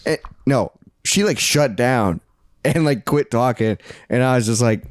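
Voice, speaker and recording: A man's voice: medium pitch, a little slow, dry recording, studio quality. A man in his late twenties, co-hosting a podcast in casual chat, blunt and profane, laughing often. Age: 20s. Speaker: podcast co-host.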